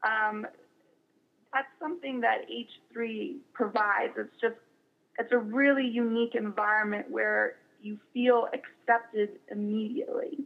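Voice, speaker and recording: A young woman being interviewed as a guest, speaking warmly and haltingly with many fillers and restarts. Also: on the high side, steady tone, creaky. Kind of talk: casual interview. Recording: dull lo-fi recording.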